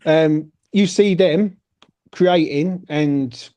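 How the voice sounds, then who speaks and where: A man's voice: a little high, drawn-out words, mellow. A man hosting a casual football chat stream, laughing, swearing and full of slang. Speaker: podcast host.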